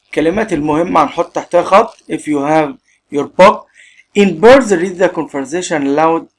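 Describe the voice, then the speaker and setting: A man's voice: fairly high pitch, a little hiss or hum. A male teacher with an Egyptian Arabic accent giving an English lesson, switching between Arabic explanation and English and stressing words emphatically.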